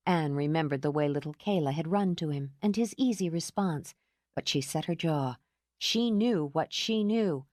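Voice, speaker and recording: A woman narrates an audiobook from a script, telling the story expressively. Her low-pitched voice moves at a moderate pace, captured in a dry, clean studio recording.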